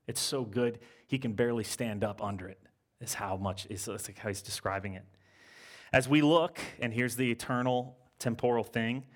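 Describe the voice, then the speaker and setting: A man preaching a sermon in a lively, conversational way, joking with the congregation and slowing down to stress scripture quotes. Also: fairly low pitch. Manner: lively, conversational preaching with casual slang and jokes; slows and stresses when quoting scripture. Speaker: pastor.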